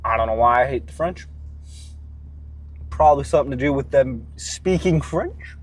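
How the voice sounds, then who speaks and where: A husky, mid-range male voice moves at a normal speed in a casual vlog. This fitness vlogger rambles, rants and muses about his workouts, swearing freely in an animated way.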